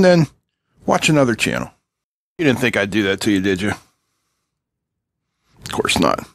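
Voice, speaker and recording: A man's voice: on the low side, wildly swooping pitch, normal speed, vocal fry, pauses often, dry recording. A middle-aged man hosting a casual electronics tutorial at his home workbench, joking and chatting with viewers while he solders and tests a board. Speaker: electronics channel host.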